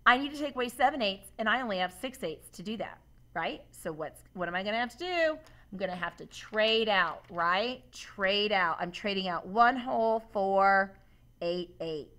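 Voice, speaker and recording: A woman's voice: mid-range voice, animated, moderate pace, fairly bright tone. A woman teacher walking students through a math demonstration, upbeat and asking them questions as she goes. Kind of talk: classroom demonstration lesson.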